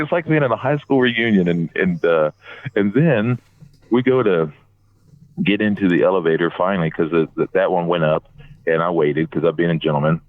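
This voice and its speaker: A man's voice: low-pitched, moderate pace. A man on a podcast telling rambling stories about a fan event, full of restarts. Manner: rambling anecdotes with many restarts. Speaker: podcast regular recounting a fan convention trip. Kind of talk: casual phone-in storytelling. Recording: dry, tinny phone line.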